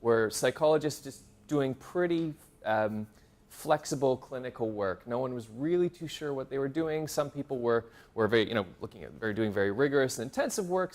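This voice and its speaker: Rambling Canadian man presenting a workshop. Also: mid-range voice. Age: 40s. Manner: rambling, self-deprecating, many fillers and restarts. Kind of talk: casual lecture to graduate students. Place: university seminar room.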